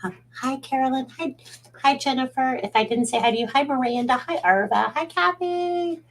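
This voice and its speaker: A woman's voice: high voice, fairly even intonation, fairly quick, rough recording. A woman psychic at home, chatting casually on a live stream in a rambling way and greeting viewers by name.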